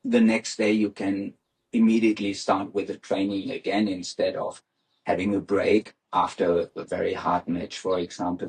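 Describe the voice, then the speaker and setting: Brief: male guest, lowish voice, patient step-by-step explainer, slight noise behind. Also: low-quality recording. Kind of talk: explanatory interview talk.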